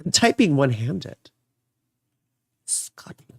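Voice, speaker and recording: Guy doing chill astrology readings at home, kinda gravelly, voice bouncing all over, rambly. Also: fairly high pitch, sing-song, takes it slowly, a little mellow, no echo, clean studio sound. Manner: chatty, rambling, digressive. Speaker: astrologer and tarot reader. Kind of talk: casual live horoscope reading. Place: home living room.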